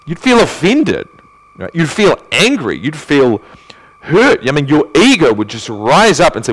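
A male pastor preaching a sermon in earnest, asking rhetorical questions and swinging between emphatic and hushed delivery. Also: on the high side, wildly swooping pitch, a little slow, husky.

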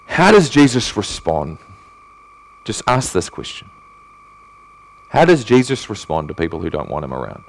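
A male pastor preaching a sermon in earnest, asking rhetorical questions and swinging between emphatic and hushed delivery. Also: on the low side, big pitch swings, normal speed, creaky, long pauses.

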